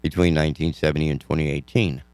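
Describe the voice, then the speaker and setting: Deep-voiced, smooth-toned man hosting a talk show. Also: fairly even intonation, fast, darkish tone, no echo. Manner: sarcastic, ranting asides. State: yawning, tired. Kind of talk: casual news commentary.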